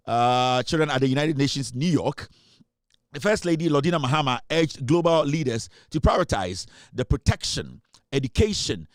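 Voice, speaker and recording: A man with a Ghanaian accent gives loose political commentary at a mid pitch, stopping often for ums and uhs and coming back to the same slogans. The room is very dry and close, with no echo. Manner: many fillers, repeats slogans. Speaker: online show host.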